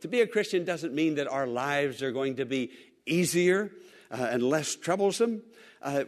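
A man's voice: a little high, lively intonation, normal speed. A man preaching a sermon, repeating phrases emphatically and calling for responses from the congregation. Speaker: pastor.

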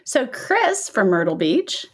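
A woman's voice: mid-range voice, big pitch swings, takes it slowly. A woman co-hosting a podcast who lives in the American South, reading listener letters aloud and laughing along in casual chat. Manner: reads letters aloud, warm banter, laughs often. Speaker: podcast co-host.

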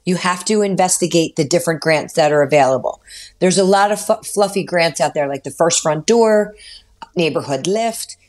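A woman co-hosting a talk radio show as a mortgage expert, explaining loans in a brisk, practical way. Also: on the low side, darkish tone.

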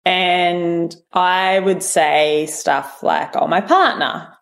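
A woman's voice: on the low side, fairly even intonation, drawn-out words, creaky. An Australian woman from rural New South Wales in her thirties, telling her own story candidly as a podcast guest, quoting herself and others and full of fillers. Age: 30s. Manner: frank, quotes herself and others with lots of fillers.

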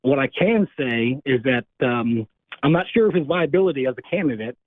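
A hoarse man speaking as a guest in a phone interview, in a measured, earnest way. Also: medium pitch, lively intonation, no echo. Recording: tinny phone line, dry.

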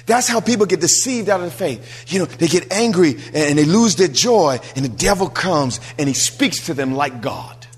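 A male pastor preaching an emphatic sermon, swinging from loud emphasis to hushed asides. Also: a little high, expressive, normal speed, hardly any pauses, slightly rough, in a large hall.

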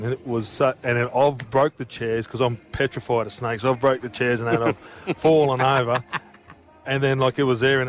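A man with an Australian accent talks through a string of anecdotes on a radio sports show. His voice sits at an ordinary middle pitch. He tells the stories in quick, tumbling bursts and keeps slipping into laughter. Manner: animated, tumbling anecdotes, often breaking into laughter. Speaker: radio co-host, former rugby league player. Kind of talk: casual storytelling chat.

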